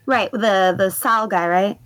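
A woman's voice: medium pitch, takes it slowly, fairly bright tone, no echo. A woman playing a tabletop game, asking questions to clarify the plan. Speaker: player. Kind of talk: tabletop role-play.

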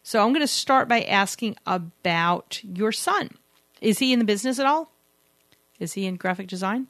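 A woman's voice: medium pitch, animated, normal speed, a bit bright, no echo. A woman co-hosting a podcast, chatting casually and teasing her co-host, often rambling and contradicting him. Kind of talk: casual banter and interview.

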